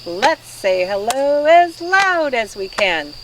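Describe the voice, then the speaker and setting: A woman's voice: a little high, sing-song, takes it slowly, heavy background noise. A woman leading a children's storytime with playful sing-song voice games, recorded outdoors on a farm. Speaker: children's librarian. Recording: distant outdoor recording with crickets.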